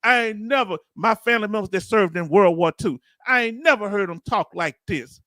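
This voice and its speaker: A man hosting a livestream, animated and preachy, talking in casual slang and calling on his viewers in the chat. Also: high voice, brisk, dry recording, studio quality. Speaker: channel host.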